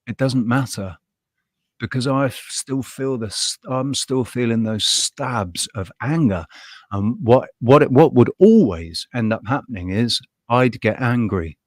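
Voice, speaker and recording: A man of middle pitch hosting a live stream in casual chat. He rambles and restarts and grows passionate, so his voice climbs when something stirs him. The sound is dry and close, with no room around it. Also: no room sound. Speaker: live show host.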